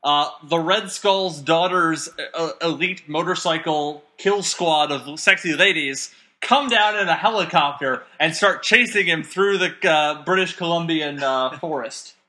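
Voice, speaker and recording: Man on a movie podcast, very bright sharp voice, kinda high, wry plot recap. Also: measured pace, few pauses. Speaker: podcast co-host. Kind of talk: casual movie review chat.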